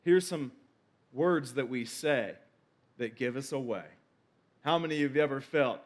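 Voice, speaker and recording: A man's voice: medium pitch, moderate pace, pauses often. A man pastor preaching a sermon, quoting scripture and repeating key points for emphasis.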